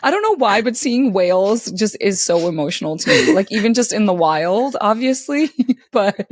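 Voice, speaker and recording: A young woman co-hosting a podcast, telling stories in a casual, giggly, animated way. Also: medium pitch, moderate pace, no echo, clean studio sound. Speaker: podcast co-host. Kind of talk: casual chat.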